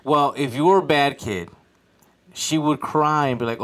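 A young man from Chicago, co-hosting a podcast, speaks at a normal speed in a somewhat high voice with a fairly bright tone. Chatting casually, he tells a story in a rambling, repetitive way, using a wailing voice for quoted lines.

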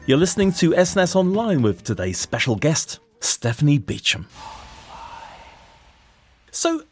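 A man's voice: on the high side, big pitch swings, a little slow, soft background music. A man hosting an online radio interview, enthusiastic and encouraging with his guest. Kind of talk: interview chat.

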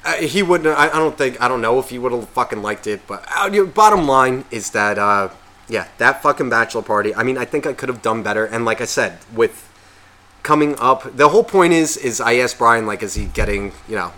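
A man co-hosting a podcast, telling a story in a casual, profane, animated way and acting out quotes. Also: mid-range voice, fairly quick. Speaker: podcast co-host.

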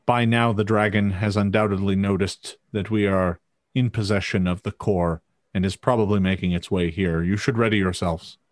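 A man voicing a grave female ritual keeper who gives a solemn warning in a low voice. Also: fairly even intonation, normal speed, dry recording, clean studio sound, lightly acted.

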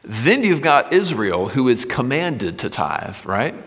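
A man's voice: mid-range voice, big pitch swings, takes it slowly, a bit bright. A male pastor giving a sermon, reading scripture aloud and then explaining it in a plain, conversational teaching manner in a church sanctuary. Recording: long reverb of a large hall.

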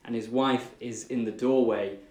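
A man's voice: mid-range voice, fairly even intonation, normal speed, darkish tone. Man chatting in an echoey room. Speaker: podcast co-host. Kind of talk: casual chat.

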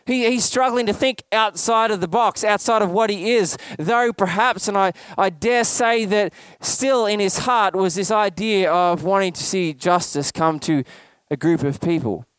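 High-voiced man preaching. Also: normal speed, clean tone, dry recording. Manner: conversational, asks the congregation questions. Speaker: pastor. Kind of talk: sermon.

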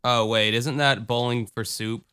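Bright, joking podcast man. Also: mid-range voice, fairly even intonation, unhurried, clear, resonant tone, dry recording. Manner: loose and joking, swears freely. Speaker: podcast co-host. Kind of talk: casual chat.

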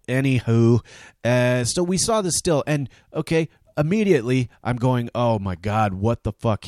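A man's voice: on the low side, darkish tone, dry recording, studio quality. A man from Canada hosting his own podcast, delivering a sarcastic, heated comic rant. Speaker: podcast host.

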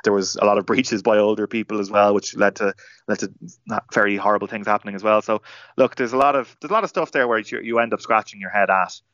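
A young Irish man tells a story at a quick clip, acting out quotes and tripping over restarts. The sound is dull and lo-fi, and it is very dry. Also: fairly low pitch, no room sound. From Ireland. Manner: animated, acts out quotes with many restarts. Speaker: journalist guest. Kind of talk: storytelling in a podcast interview.

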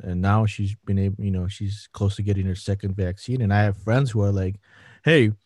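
A man's voice: lowish voice, warm tone, no echo, studio quality. A man co-hosting a soccer podcast, talking in a rambling, earnest way as he searches for words. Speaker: podcast co-host. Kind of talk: casual chat.

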